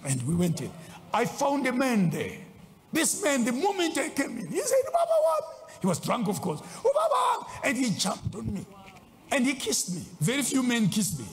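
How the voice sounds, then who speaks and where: A man preaching a sermon as a bishop, swinging between loud exclaims and low asides. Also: wildly swooping pitch, normal speed. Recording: long hall reverb.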